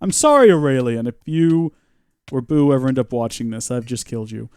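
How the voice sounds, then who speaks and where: A man's voice: medium pitch, lively intonation, brisk, darkish tone, clean tone, no room sound. A man giving chatty, joking live gameplay commentary and reading out viewer comments. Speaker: streamer.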